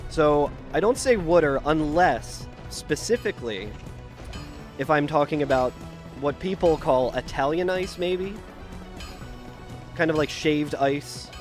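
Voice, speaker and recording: Tired guy with a thick philly delco accent rambling on a game stream, swears a lot, voice a bit high, faint music in the back. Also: animated, unhurried, long pauses. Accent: Philadelphia (Delco). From Pennsylvania, United States. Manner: rambling, profane, self-deprecating. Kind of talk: casual live-stream chat while gaming.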